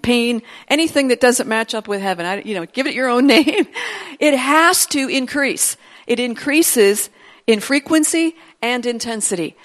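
Higher-voiced woman preaching, chatty, acts out little inner voices, big echoey hall. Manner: conversational, acts out inner voices, repeats phrases. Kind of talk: sermon. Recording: long hall reverb.

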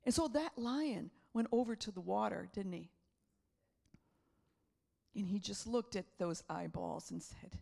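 Woman preacher, middle-aged, animated, acts out voices, laughs often, slightly high voice. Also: moderate pace. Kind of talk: sermon.

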